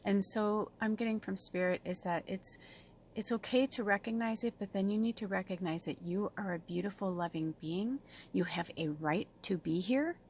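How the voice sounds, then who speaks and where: Woman giving a gentle card reading. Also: mid-range voice, moderate pace, slight background noise. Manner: gentle, affirming, rambling with fillers. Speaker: tarot and oracle card reader. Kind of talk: spiritual guidance reading.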